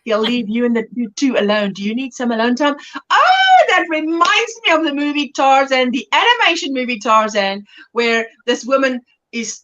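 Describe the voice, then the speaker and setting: A woman's voice: sits high, very animated, normal speed, fairly bright tone, dull audio. A South African woman hosting a crochet livestream, chatting playfully, giggling often, and reading viewer comments aloud.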